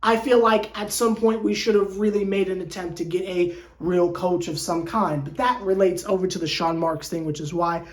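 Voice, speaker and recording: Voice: medium pitch, fairly even intonation, moderate pace, hardly any pauses. A channel host giving a casual fan commentary rant to camera, joking and slangy, tripping into repeated words and restarts. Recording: roomy echo.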